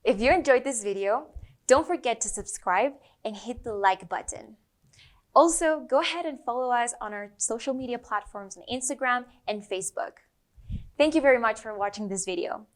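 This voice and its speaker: A woman with a Brazilian accent teaching English pronunciation, slowly modelling each sound for learners to repeat. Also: a little high, expressive. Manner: slow, exaggerated modelling of sounds. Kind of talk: pronunciation lesson.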